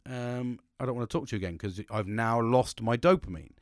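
A man's voice: medium pitch, brisk, no echo, studio quality. A man, talking candidly in a podcast monologue, rambling with frequent restarts and heavy swearing. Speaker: podcast host.

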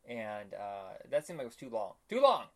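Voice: medium pitch, moderate pace, a little mellow. A podcast co-host in casual chat, opinionated, swearing freely and acting out jokes in put-on voices.

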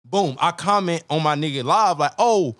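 A man chats as a podcast guest, sliding into quoted asides and swearing freely as he tells his stories. His voice sits a touch high for a man. The sound is dry and close, with little room around it. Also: moderate pace, fairly bright tone, no room sound. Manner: loose, profane storytelling with quoted asides. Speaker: guest musician. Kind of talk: casual podcast chat.

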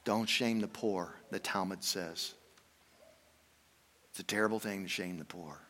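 An older man preaching a conversational sermon, telling a story and dropping into quiet asides. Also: deep voice, a little slow, slight background noise. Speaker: pastor. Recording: long reverb from a hall.

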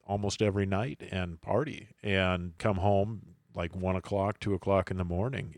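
A man's voice: low-pitched, a little mellow, dry recording, studio quality. A man co-hosting a casual podcast, talking in a thoughtful, rambling way with many fillers. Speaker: podcast co-host.

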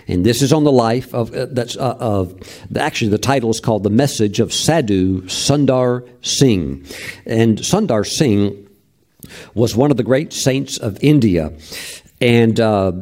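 A man's voice: mid-range voice, normal speed, dark tone. A male pastor teaching from scripture in a conversational, emphatic sermon style.

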